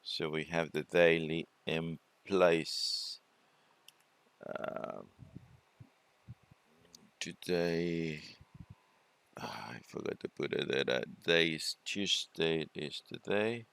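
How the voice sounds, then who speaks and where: A man presenting a forex trading walkthrough, talking it through unhurriedly with many fillers and pauses. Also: a bass voice, vocal fry, a bit bright, clean tone, no echo. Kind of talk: screen-share trading walkthrough.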